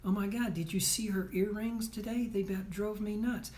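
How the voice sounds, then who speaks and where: A man imitating catty teenage girl golfers who gossip in a hushed, breathy whisper. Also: sits high, normal speed, pitched above the performer's own voice, close to an everyday voice.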